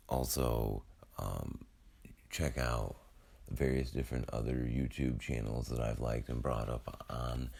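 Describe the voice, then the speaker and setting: A man in his forties, freshly woken up, speaks in a very deep, creaky voice with a darkish tone. The YouTube creator rambles to his viewers in a casual, self-deprecating vlog monologue.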